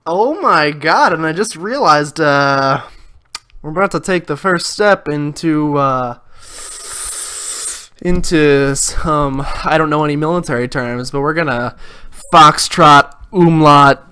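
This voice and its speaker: A man's voice: on the high side, a little slow, sharp tone, smooth. A man hosting a let's play, reading game dialogue aloud and making goofy, sarcastic jokes. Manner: goofy, sarcastic, joking asides.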